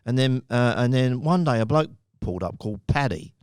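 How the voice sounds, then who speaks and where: A man's voice: medium pitch, lively intonation, a little fast, darkish tone, smooth, no echo, studio quality. A man in his sixties from the United Kingdom, a podcast guest telling long, rambling anecdotes with frequent chuckles. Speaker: podcast guest, company founder. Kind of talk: casual storytelling.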